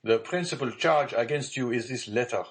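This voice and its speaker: A man's voice: medium pitch, normal speed, voice pushed up, natural voice. A man reading the part of a pale, frightened magistrate who gives urgent, tense orders. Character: pale frightened male magistrate, anxious, commanding.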